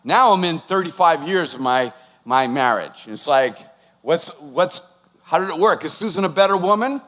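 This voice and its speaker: A man in his sixties preaching with a somewhat high voice. He is animated and emphatic as a pastor. He keeps putting questions to the congregation. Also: normal speed, big-room sound. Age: 60s. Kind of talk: sermon.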